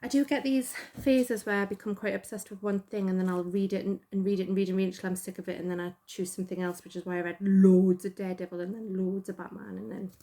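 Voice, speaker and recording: A woman's voice: medium pitch, steady tone, fast talker, hardly any pauses, mellow. A middle-aged woman with a Geordie accent, chatting casually and rambling as host, self-deprecating and full of fillers. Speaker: podcast host. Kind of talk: casual chat.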